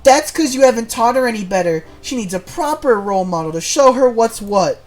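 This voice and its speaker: A man's voice: very high voice, expressive, brisk, faint music behind, voice pushed up. A man voicing a young female assistant from a game, in a chiding, sing-song way.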